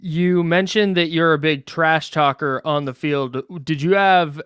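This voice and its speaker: A man hosting a podcast, asking questions in a halting way with several restarts. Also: fairly high pitch, fairly even intonation, fairly bright tone, clean tone, no room sound, clean studio sound. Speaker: podcast host. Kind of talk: interview questions.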